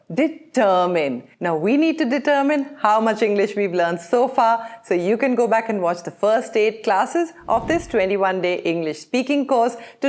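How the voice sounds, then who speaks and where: A woman teaching English pronunciation, drilling words slowly and with careful enunciation, putting questioning tones on the wrong versions. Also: on the high side, a little mellow. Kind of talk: scripted pronunciation lesson.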